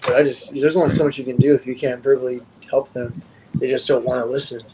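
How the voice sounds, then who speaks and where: A man's voice: mid-range voice, level tone, fast talker. A man hosting a casual live stream, rambling through stories from his own life and acting out what people said. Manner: rambling storyteller who acts out quotes. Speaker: host. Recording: noisy home stream audio.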